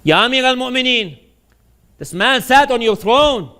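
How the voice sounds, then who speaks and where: A man voicing rough palace guards who scold an intruder, his voice pushed much higher. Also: animated, moderate pace, bright, forceful tone, heavily acted. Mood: indignant.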